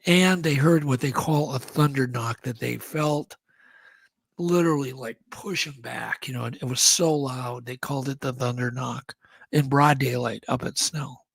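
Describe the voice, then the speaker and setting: Gravelly-voiced man telling a story. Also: medium pitch, moderate pace, no room sound. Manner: animated, acts out sounds and quotes. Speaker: guest. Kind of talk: casual storytelling.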